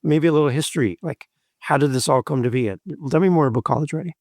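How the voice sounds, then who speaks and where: A man's voice: fairly high pitch, quick pace, darkish tone, no echo, studio quality. A man hosting a podcast, chatty, upbeat and jokey. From Canada. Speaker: podcast host. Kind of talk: casual chat.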